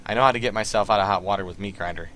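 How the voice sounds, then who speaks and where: A man voicing a nervous, indebted male hacker with a put-on Southern accent, talking in halting, filler-heavy bursts. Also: fairly low pitch, a bit bright, slight background noise, lightly acted.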